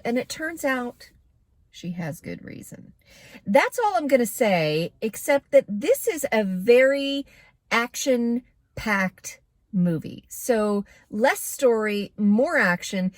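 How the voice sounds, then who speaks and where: Woman, casual movie reviewer, candid and chatty, medium pitch, dry close sound. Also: dry recording. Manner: chatty and candid, with frequent fillers.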